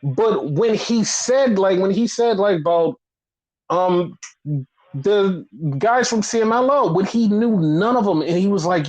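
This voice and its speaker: High-voiced man ranting profanely. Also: unhurried. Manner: profane, animated, heavy filler "like". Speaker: podcast co-host. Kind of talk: casual critical rant.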